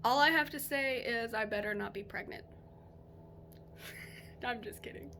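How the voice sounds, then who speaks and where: A young woman vlogger telling a personal story in a chatty, animated way, swearing freely and laughing as she goes. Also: a little high, unhurried, a little hiss or hum. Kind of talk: casual storytelling to camera.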